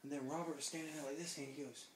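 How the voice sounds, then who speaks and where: A drunk man with a fairly high voice rambles through a story full of swearing, playing out every voice in it himself. He sounds like he is in an echoey room with a little noise in the background. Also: very fast. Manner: profane, animated, acts out quotes. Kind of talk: rambling anecdote. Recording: roomy with faint noise.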